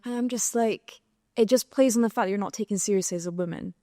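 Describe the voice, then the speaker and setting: A woman's voice: medium pitch, fast talker, dark tone, no room sound, clean studio sound. A young Scottish woman, a singer, telling stories candidly in a live panel conversation, acting out the exchanges she quotes. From Scotland. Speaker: singer and guest. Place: live podcast recording in an arts venue.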